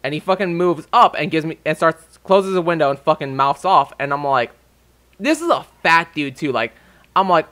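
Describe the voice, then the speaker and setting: A young man talks straight to his audience in a loose, heated rant, swearing freely. His voice sits a little high, with a bright, forceful edge. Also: sing-song, brisk. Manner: profane and heated. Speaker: vlogger. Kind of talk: casual rant.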